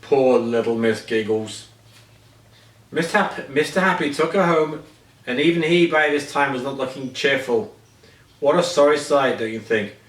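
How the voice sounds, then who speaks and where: A man's voice: medium pitch, animated, normal speed, a bit bright, recorded from a distance. A man reading a children's picture book aloud, sometimes stumbling over words and correcting himself. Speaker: reader. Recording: echoey room, voice away from mic.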